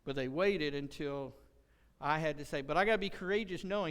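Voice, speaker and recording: Impassioned high-voiced pastor in a hall. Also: male voice, a little fast, smooth. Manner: impassioned preaching, rising loud when quoting. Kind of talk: sermon. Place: church sanctuary. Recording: long church hall reverb.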